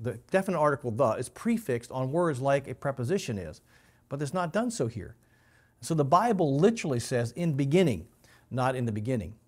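A male pastor with a slightly higher-pitched voice delivers a Bible teaching. His delivery is measured and explanatory, and he stresses the key words as he walks through each point. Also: darkish tone.

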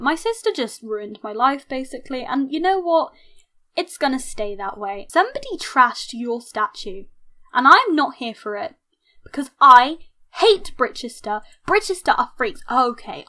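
A young woman chatting casually through her life-sim game, excitable and mock-outraged, laughing often. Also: high voice. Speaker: gaming YouTuber. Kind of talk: casual let's-play commentary.

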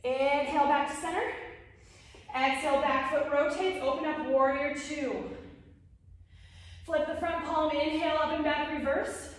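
A woman's voice: high-pitched, fairly even intonation, unhurried, long pauses. A woman teaching a live yoga class, cueing each move in brief phrases timed to the breath while she does the moves herself and ends up out of breath. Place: home room, livestreamed class. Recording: echoey room, voice from far off.

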